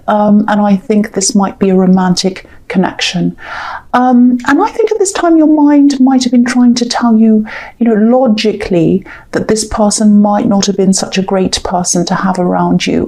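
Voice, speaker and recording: A woman's voice: mid-range voice, dark tone. Female tarot reader, casual and rambling, scratchy throat with recurring coughs. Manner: rambling and hedging, many "I think" and "um". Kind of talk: casual spoken tarot reading.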